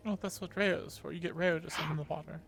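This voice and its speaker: Roleplayer, teasing, fast talk, gravelly voice, faint music. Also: medium pitch, steady tone, fairly bright tone. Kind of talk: in-character roleplay chat.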